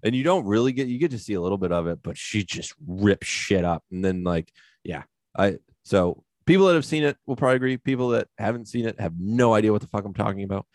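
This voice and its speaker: A man's voice: lowish voice, expressive, quick pace, darkish tone, no room sound, clean studio sound. A man co-hosting a podcast, chatting casually and retelling movie scenes in a loose, profane way. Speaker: podcast co-host. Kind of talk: casual chat.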